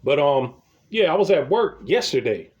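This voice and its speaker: On the high side with a darkish, sing-song delivery at normal speed, this man is a comedy vlogger. He tells comic stories in a casual, wandering rant, full of profanity and stumbles over repeated words at the outset.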